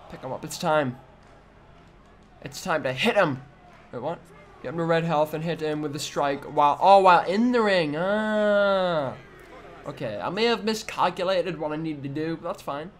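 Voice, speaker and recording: Young male gaming YouTuber, high-pitched, hyped trash-talk with loud outbursts. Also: normal speed, a little hiss or hum. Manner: excitable, trash-talking the opponent, sudden loud outbursts. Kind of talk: let's-play commentary.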